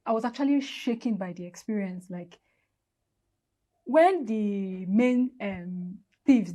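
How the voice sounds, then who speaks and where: A woman's voice: mid-range voice, mellow. A woman in her thirties from Nigeria, with a Nigerian accent, chatting through a storytime vlog on a lavalier mic. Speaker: vlogger.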